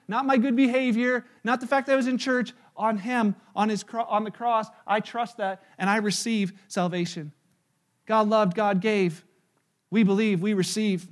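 A man preaching a sermon, retelling a story and acting out the quotes in lively voices, sometimes dropping to a hushed tone. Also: high-pitched, normal speed. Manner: animated storyteller, voices crowd quotes, drops to hushed tones. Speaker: pastor. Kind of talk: sermon with acted-out dialogue.

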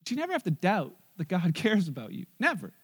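A man preaching a sermon in church, animated and joking, acting out scenes. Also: high voice, quick pace, husky. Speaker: pastor.

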